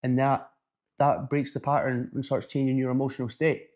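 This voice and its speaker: A man talks straight to camera as a coach, giving self-help advice in a casual, energetic way. He is blunt and swears freely, with a voice of ordinary pitch. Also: normal speed. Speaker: fitness and mindset coach.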